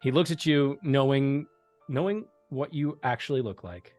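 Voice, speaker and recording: A man narrates a tabletop role-playing game as its game master. He talks in a steady middle pitch, stopping and restarting with fillers as he builds each scene. The sound is dry and close, with faint music underneath. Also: no room sound. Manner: halting, filler-heavy narration.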